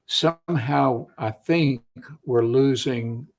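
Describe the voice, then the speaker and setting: An elderly man in his eighties speaks in a gravelly, mid-pitched voice. He chats as a guest on the show, reflective and easygoing. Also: slow. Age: 80s. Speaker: Navy veteran guest. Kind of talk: casual conversation.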